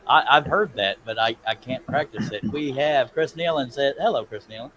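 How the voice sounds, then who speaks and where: A man hosting a casual live stream, folksy and quick to laugh, reading out chat messages. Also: mid-range voice, crowd noise, low-quality recording. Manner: folksy, laughs often, reads chat aloud.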